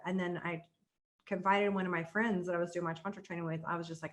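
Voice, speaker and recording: A woman tantra coach talking as a podcast guest, explaining in an earnest, flowing way and guiding calmly. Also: fairly low pitch, very fast. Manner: calm soft-spoken guidance. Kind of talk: podcast interview chat.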